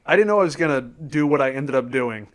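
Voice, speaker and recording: A young man hosting a casual podcast, telling stories in an animated way and acting out quoted lines. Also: medium pitch, quick pace. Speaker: podcast host.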